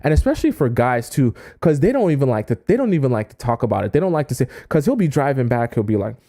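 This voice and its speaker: New guy giving dating advice on a stream, mellow voice, keeps acting out little scenes. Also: mid-range voice, fast. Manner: animated, acts out quoted voices. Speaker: dating coach. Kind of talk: live stream advice talk.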